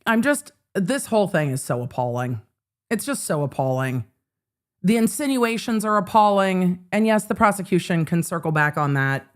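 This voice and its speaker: A woman's voice: on the low side, expressive, moderate pace. A woman hosting a live trial-commentary stream, blunt and sarcastic, swearing freely. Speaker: legal commentator host.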